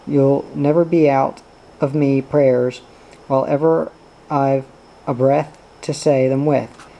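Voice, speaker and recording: A man's voice: medium pitch, level tone, takes it slowly, gravelly, dark tone, muffled recording. A man reading as a weary old farm widow. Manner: plainspoken and mournful. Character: older widowed farm woman, weary and pious.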